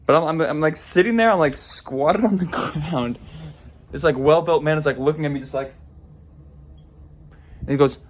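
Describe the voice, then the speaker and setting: A man's voice: medium pitch, normal speed, long pauses. A man telling a story casually, rambling with frequent restarts and self-deprecating humor. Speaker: vlogger.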